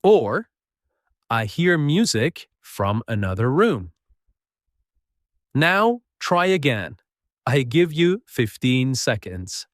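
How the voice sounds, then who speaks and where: A man teaching an English lesson, speaking slowly and clearly, encouraging learners and repeating phrases. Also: medium pitch, very animated, dry recording, studio quality.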